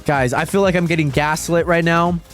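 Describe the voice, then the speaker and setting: A young man live-streaming a game, chatting casually with his viewers and breaking into excited yelps when the action heats up. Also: fairly high pitch, fairly quick. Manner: chatty, addresses viewers constantly, yelps excitedly during fights. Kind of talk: casual gaming livestream chat. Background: faint dance pop music.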